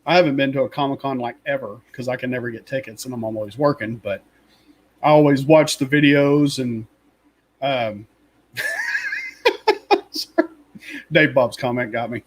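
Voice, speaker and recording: A man's voice: medium pitch, wildly swooping pitch, measured pace, long pauses, poor audio. A man co-hosting a casual fan chat, rambling and opinionated, with lots of fillers and asides. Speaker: podcast co-host.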